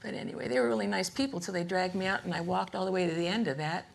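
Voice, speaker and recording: An older woman giving a rambling, humorous artist lecture to a live museum audience, chatty and quick to laugh. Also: lowish voice, gravelly, slight background noise. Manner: chatty, laughs often, self-interrupting. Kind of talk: rambling humorous storytelling talk.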